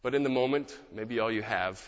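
A man preaching a sermon as pastor, in a measured, gentle way with reflective pauses. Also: medium pitch. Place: church. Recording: dull sound with long hall reverb.

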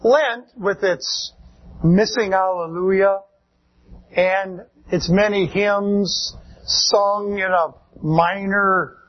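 A male pastor preaching a sermon in a slow, measured way, drawing out words for emphasis. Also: high voice, dull audio.

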